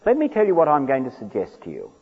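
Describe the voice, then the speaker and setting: Preacher in a big echoing hall. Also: male voice, mid-range voice, wildly swooping pitch, breathy edge. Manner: earnest, pleading, slows to a hush in prayer. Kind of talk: evangelistic sermon with altar call. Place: large church. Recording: tinny phone-like sound with long hall reverb.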